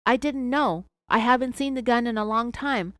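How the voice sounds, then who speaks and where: A woman's voice: a little high, moderate pace, fairly bright tone, no echo, clean studio sound, pitched above the performer's own voice, lightly acted. A woman voicing a defensive female suspect who protests her honesty under questioning.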